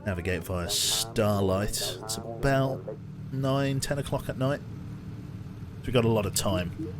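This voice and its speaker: A man casually commentating his game on a live stream, thinking out loud and talking to his chat. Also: on the low side, slow, crowd noise. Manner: chatty, thinks aloud, talks to chat.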